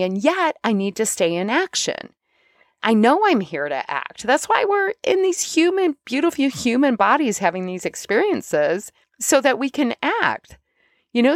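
A middle-aged woman coach talking casually about spiritual self-help, chatty and animated when she acts out her inner dialogue. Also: fairly high pitch, no echo, studio quality. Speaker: podcast host and coach.

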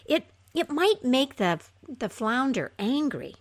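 A woman's voice: sits high, very animated, slow pace, pitched above the performer's own voice, full character voice. A woman voicing a meek fisherman husband who hesitates, stammers and pleads. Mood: pleading.

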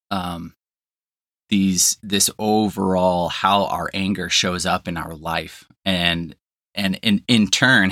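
A man's voice: low-pitched, sharp tone, no echo, clean studio sound. A man hosting a solo podcast, explaining ideas in a conversational counselor's way, often checking in with "right?" and the odd "um". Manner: conversational, frequent "right?" and "um" fillers.

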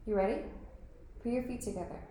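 Earnest teen girl played by a woman, insistent and defensive, kinda high voice, big echo. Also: fast, warm tone, a little hiss or hum, close to an everyday voice. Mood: coaxing. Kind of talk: stage play acting. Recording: very echoey hall.

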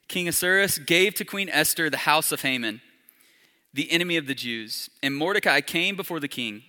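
A man preaching a sermon in a casual, conversational way, with soft, intimate appeals to the congregation. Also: fairly high pitch, long reverb tail. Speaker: pastor.

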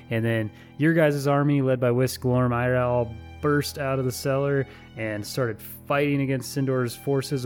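A man's voice: medium pitch, a little mellow. A man hosting a tabletop role-play podcast as game master, bantering with players and recapping the last session. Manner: joking banter then recapping the story.

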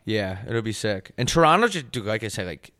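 Young male podcast co-host, bright tone, dry close mic, rambling and profane. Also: on the low side, big pitch swings, brisk, no room sound. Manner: laid-back, filler-heavy, swears a lot. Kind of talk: casual chat.

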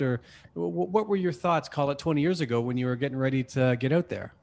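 A man's voice: on the high side, brisk, creaky, a little mellow. A man from Canada hosting a podcast interview, friendly and chatty, often saying "hey, listen" and "man". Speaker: podcast host.

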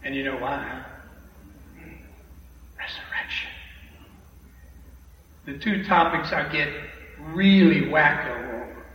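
A man giving an animated, emphatic testimony to a church congregation, repeating phrases for effect, heard from a distance in a large hall. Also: fairly high pitch, takes it slowly, long pauses. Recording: echoey hall from far off, dull and noisy.

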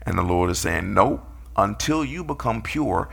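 A man's voice: on the low side, expressive, measured pace, vocal fry, a bit bright, slight background noise. A man preaching a sermon, playfully calling out his congregation and acting out quotes.

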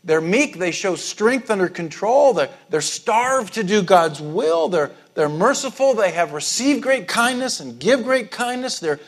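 Male pastor, slightly high voice, conversational sermon delivery with many restarts and sharp emphatic rises. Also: lively intonation, a little slow, few pauses. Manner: conversational preaching with frequent repetitions and restarts; rises to emphatic high-pitched stresses on key words.

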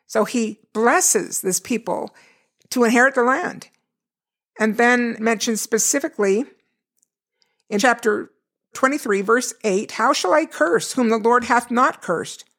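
A woman's voice: a little high, measured pace, a bit bright. Woman, scripture teacher, conversational lesson, reads verses aloud, casual asides.

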